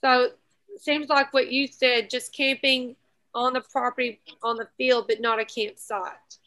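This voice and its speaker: Bright, high-voiced woman checking details. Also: flat delivery, a little slow, no echo. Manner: asks questions, checks details, reads aloud. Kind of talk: casual group chat.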